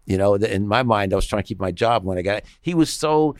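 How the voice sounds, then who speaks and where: A middle-aged man talks in a lowish voice, spinning casual anecdotes about his work as a musician and producer. He slips into the voices of the people he quotes. The sound is close and dry. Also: lively intonation, fast talker, no echo. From Long Island, New York. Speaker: guest, session musician and producer. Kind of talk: casual storytelling interview.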